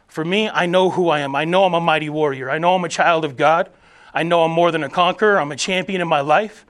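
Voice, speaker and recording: Emphatic high-voiced man giving a motivational speech. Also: a bit bright. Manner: emphatic, declarative, preacherly. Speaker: motivational speaker, military veteran. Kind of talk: inspirational speech to soldiers.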